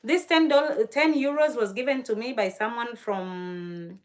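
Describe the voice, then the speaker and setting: A woman's voice: a little high, measured pace. A young woman from Kenya hosting a casual livestream, chatting about places she wants to visit, gushing and laughing often, and answering viewer comments aloud. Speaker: livestream host. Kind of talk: casual live-stream chat.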